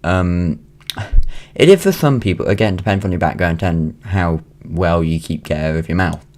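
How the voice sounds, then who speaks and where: This low, somewhat mellow male voice moves at a moderate pace. He's a young Welshman in his late teens with a British accent, recording a loose vlog monologue at home and often restarting or saying um.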